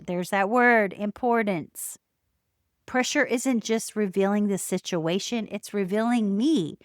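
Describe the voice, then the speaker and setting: Woman doing a solo podcast, calm and measured, mid pitch, dry close sound. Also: no room sound. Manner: calm, measured, emphatic pauses. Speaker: podcast host. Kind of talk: reflective solo podcast talk.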